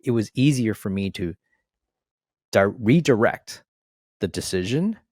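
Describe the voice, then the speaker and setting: A man with a low-pitched voice talks earnestly on a podcast, reflecting on his own choices. His voice sounds dry and close, with no room around it. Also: expressive, measured pace, a little mellow, no echo. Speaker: podcast co-host. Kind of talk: conversational podcast chat.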